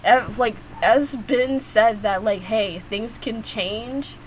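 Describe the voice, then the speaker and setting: A woman's voice: fairly high pitch, slow pace, a little hiss or hum, low-quality recording. A young woman hosting a reaction video, talking casually and rambling with lots of fillers and restarts. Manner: chatty, rambling, frequent fillers and restarts, laughs often.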